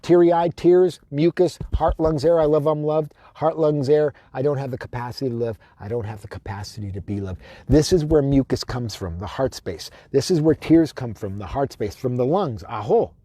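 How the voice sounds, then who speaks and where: A man who practices shamanic drum healing streams a heartfelt spiritual message to his own camera, tearful and slow, repeating phrases and chanting invocations. His mid-range voice is mellow yet animated, with no echo.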